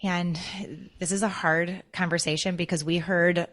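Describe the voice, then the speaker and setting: A woman's voice: fairly low pitch, flat delivery, moderate pace, a bit bright. A young adult woman guest on a podcast interview, speaking earnestly and from the heart, tearing up as she talks. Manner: earnest, heartfelt, emotional storytelling. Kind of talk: conversational interview.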